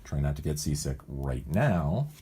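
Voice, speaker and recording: Male cartoonist with a very low, dark, husky voice who rambles and self-corrects as he explains his writing. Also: big pitch swings, a little slow, slight background noise. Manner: rambling, thinking aloud, often correcting himself. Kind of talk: casual walkthrough of his writing process.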